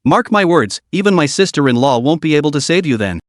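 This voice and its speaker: A man's voice: fairly high pitch, lively intonation, fairly quick, no echo, clean studio sound, natural voice. A man voicing a cold, stern young woman executive with a curt, commanding manner, read in a recap.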